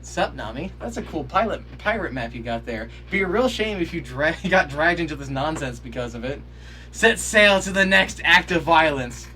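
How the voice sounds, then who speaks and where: Animated, bright-voiced sarcastic man. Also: fairly high pitch, normal speed, slight background noise. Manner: sarcastic, swearing, with bursts of mock outrage. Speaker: podcast co-host. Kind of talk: reading out humorous episode reactions. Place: podcast studio.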